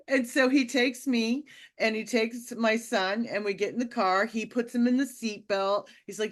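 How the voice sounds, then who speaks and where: Animated woman telling a spiritual story. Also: fairly high pitch, unhurried. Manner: animated, acts out quotes, laughs often. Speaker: podcast guest telling a testimony. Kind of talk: casual storytelling.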